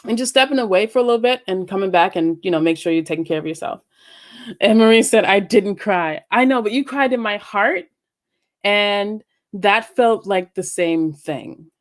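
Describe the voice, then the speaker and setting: A woman's voice: medium pitch, moderate pace. Playful, laughing woman podcast host. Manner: playful, laughs often, swears freely. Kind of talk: casual solo podcast chat.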